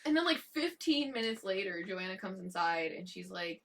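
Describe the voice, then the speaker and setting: Bright, blunt woman, off-mic. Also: on the low side, brisk, gravelly, hardly any pauses, far from the mic. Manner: blunt, swearing, mocking quotes. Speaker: podcast co-host. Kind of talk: casual chat.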